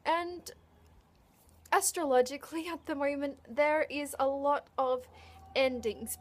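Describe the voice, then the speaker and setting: A woman with a high voice speaks unscripted straight to camera, tearful and choked up. She halts often and restarts her sentences as the emotion catches her. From Australia. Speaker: vlogger.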